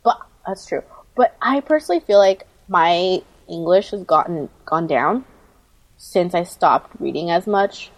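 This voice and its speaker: A woman in casual conversation, talking in a loose, chatty way full of fillers and quick laughs. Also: lowish voice, lively intonation, no echo, poor audio. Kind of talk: casual chat.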